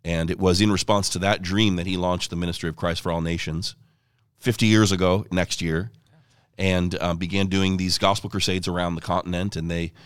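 Man, very low voice, dry close sound, earnest evangelist storyteller. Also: level tone, a little fast, smooth, no room sound. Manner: earnest, fluent storyteller who quotes others. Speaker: evangelist guest. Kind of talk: conversational interview storytelling. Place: ministry headquarters office.

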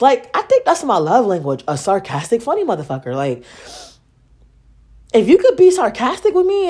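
Animated sarcastic young woman podcaster. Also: sits high, husky. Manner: animated, sarcastic, profane, acts out dialogue. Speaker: podcast host. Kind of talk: casual storytelling monologue.

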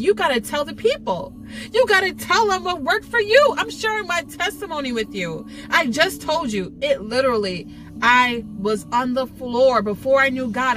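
Bright-voiced woman pleading earnestly. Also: on the high side. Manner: earnest, pleading, repeats words for emphasis. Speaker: Christian video teacher. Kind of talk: passionate devotional talk to camera.

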